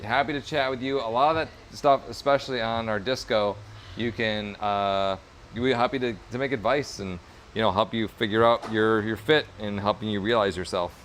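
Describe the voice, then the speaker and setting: A man's voice: fairly low pitch, steady tone, normal speed, a bit bright, slight background noise. A man chatting casually on a livestream while working on leather in his workshop, upbeat and encouraging, rambling with fillers. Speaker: streamer and leather crafter.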